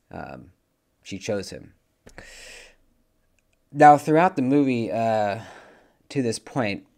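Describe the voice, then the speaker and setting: Male movie reviewer, lowish voice, loose rambling recap full of ums and restarts. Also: darkish tone. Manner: rambling, many fillers and self-corrections. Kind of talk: casual plot recap.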